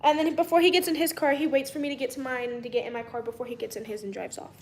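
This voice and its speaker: A young woman with a high voice tells a story in a casual vlog, chatty and rambling. She acts out what people said and sometimes drops to a whisper. The room has an echo. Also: steady tone, racing, slight background noise. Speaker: vlogger.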